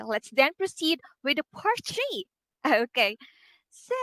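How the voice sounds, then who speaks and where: A woman teaching a one-on-one online English lesson, patient and encouraging, repeating words slowly for her student and talking through what she does on screen with small fillers. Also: sits high, fairly bright tone, no echo.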